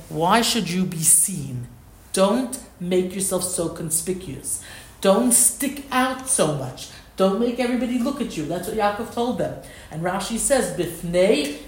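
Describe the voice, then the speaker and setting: Animated woman teaching in an echoey room. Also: medium pitch. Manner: animated, Hebrew terms mixed in, rising emphasis. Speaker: Torah teacher. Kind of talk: lecture.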